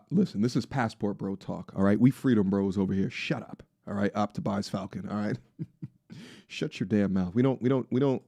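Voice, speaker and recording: A young man in casual podcast chat, playful and animated, slipping into high excited rants. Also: gravelly, no echo, studio quality. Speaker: podcast co-host.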